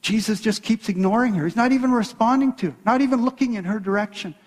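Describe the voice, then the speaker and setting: A man's voice: high voice, quick pace, long reverb tail. A man preaching a sermon as pastor, retelling a story with voiced quotes.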